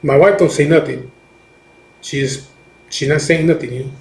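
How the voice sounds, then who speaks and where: A man's voice: on the high side, normal speed, gravelly. A middle-aged man, a biker, telling a personal story in a rambling, profane way, full of restarts and "you know what I mean", while recovering from chemotherapy. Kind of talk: casual storytelling. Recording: echoey room.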